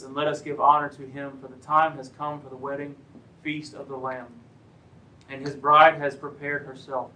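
A man's voice: mid-range voice, poor audio. A man reading scripture aloud during a church service, putting emphasis on the proclaimed lines. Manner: emphatic, rising on the shouted lines. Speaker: scripture reader.

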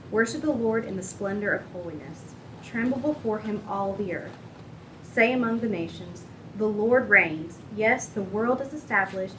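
A woman reading scripture aloud in a steady, measured way during a church service. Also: mid-range voice. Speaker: scripture reader. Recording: noisy church recording.

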